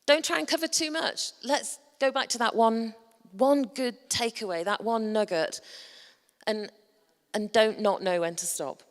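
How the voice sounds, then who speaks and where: A woman's voice: a little high, unhurried. A woman with a Yorkshire accent giving a chatty, humorous talk on public speaking to a conference audience. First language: English. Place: large conference hall. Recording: long reverb of a large hall.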